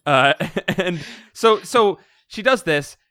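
Speaking high and taking it slowly, a male podcast co-host laughs and swears his way through a book recap on a casual show. He comes across animated and unfiltered. There's no echo, just clean studio sound.

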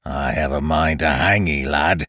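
A man's voice: extremely low pitch, a little slow, fairly bright tone, husky, no echo, studio quality, exaggerated voice. A man voicing a brutal, bruised male pirate leader who growls and roars his threats in an audiobook reading. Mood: menacing. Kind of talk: audiobook character voice.

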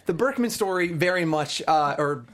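A man from Arizona hosting a podcast, telling a story in an animated, self-mocking way. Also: on the high side, moderate pace. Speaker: podcast host. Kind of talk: casual storytelling.

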